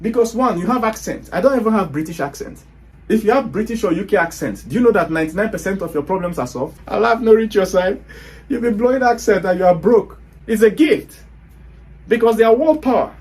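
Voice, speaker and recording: A Nigerian-accented man talks straight at his listeners in a fairly high voice. He lectures bluntly, firing off rhetorical questions and scolding them for their excuses. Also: lively intonation, brisk, a little mellow. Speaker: online business speaker. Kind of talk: motivational talk to viewers.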